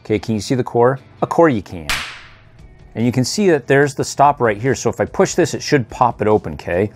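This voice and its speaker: A man of middle pitch hosts a toy review vlog with a very lively, up-and-down delivery. He jokes and chuckles often as he talks through each toy. Faint music plays behind him. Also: fairly quick. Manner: playful, jokey, chuckles often.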